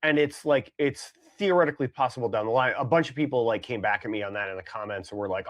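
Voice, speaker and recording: A man's voice: mid-range voice, animated, fast, few pauses. A man co-hosting a podcast, talking casually with lots of fillers and restarts. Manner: rambling, many fillers and restarts. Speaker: podcast co-host.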